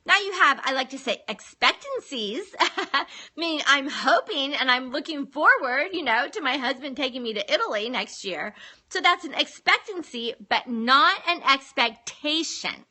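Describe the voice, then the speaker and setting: Woman, high-pitched and earnest, talking as a relationship counselor on a phone stream with a sharp, ringing tone. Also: expressive, moderate pace. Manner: earnest, chatty, repeats words for emphasis. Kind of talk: live-streamed advice talk.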